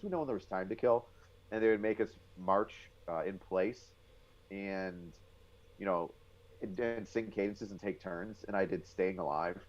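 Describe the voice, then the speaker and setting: A man from Western New York, a podcast guest telling military stories in an animated way. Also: lowish voice. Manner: animated storyteller, bursts into impressions. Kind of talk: casual podcast storytelling. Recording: dull lo-fi audio.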